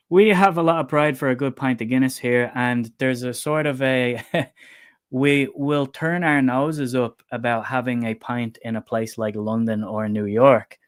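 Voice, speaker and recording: A man's voice: mid-range voice, measured pace. Laughing Irish man telling a pub story. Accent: Irish, Dublin. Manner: lively storytelling, laughs often, swears casually. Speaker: book channel co-host. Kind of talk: casual livestream chat.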